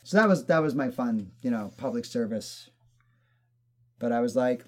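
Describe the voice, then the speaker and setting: A man telling stories in casual chat, animated and profane, acting out other people's lines. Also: mid-range voice, fairly quick. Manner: animated storyteller, swears, acts out quotes.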